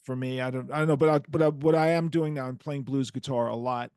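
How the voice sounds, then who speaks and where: An older man with a New York accent hosting a podcast, telling stories in a lively, profane way. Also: medium pitch, fast, clean tone, dry recording, clean studio sound. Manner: animated, profane, acts out quoted dialogue. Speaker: podcast host. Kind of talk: casual storytelling chat.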